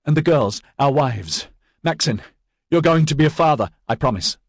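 A man's voice: lowish voice, normal speed, breathy edge, no room sound, studio quality. A man voicing a giddy young male adventurer who talks in a breathless, manic rush.

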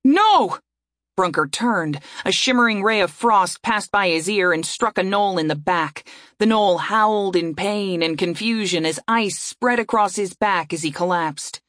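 A woman narrating a fantasy audiobook in a steady storytelling voice. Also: medium pitch, moderate pace, no echo, clean studio sound.

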